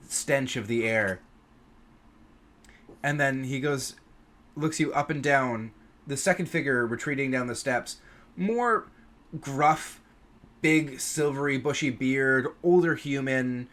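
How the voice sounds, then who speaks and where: A man's voice: medium pitch, fairly bright tone. A man narrating a tabletop game as game master, loose and descriptive.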